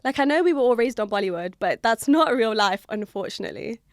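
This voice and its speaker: A young woman in her twenties, a guest on a podcast, telling a story in an animated way with frequent laughter. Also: fairly high pitch, fast, dry recording, clean studio sound. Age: 20s. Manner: animated, laughs often, builds suspense. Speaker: guest, YouTuber. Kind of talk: storytelling in a casual interview.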